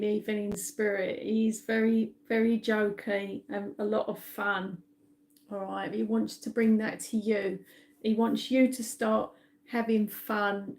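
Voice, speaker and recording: A woman's voice: a little high, creaky, a little mellow. A middle-aged woman, a psychic medium, giving a reassuring live-stream reading and often checking in with "all right?".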